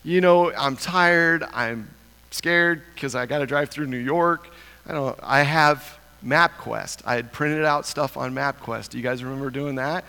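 A pastor from Idaho telling a humorous, self-deprecating story in a sermon. He talks in an animated way and chuckles often. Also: mid-range voice, unhurried, creaky, clear, resonant tone. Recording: long reverb of a large hall.

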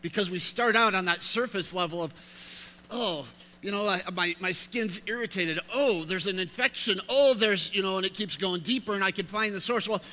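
A man's voice: high-pitched, moderate pace, bright, forceful tone. A man preaching a sermon, reading scripture aloud with emphatic rises and chatty asides to his listeners. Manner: emphatic, reads scripture aloud with rising intensity. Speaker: pastor.

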